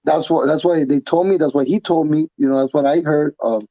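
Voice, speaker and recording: Man, fighter guest, animated and profane, stumbling restarts, raised pitch, dry close sound. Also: fairly quick, creaky, dry recording, dull audio. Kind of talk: casual interview talk.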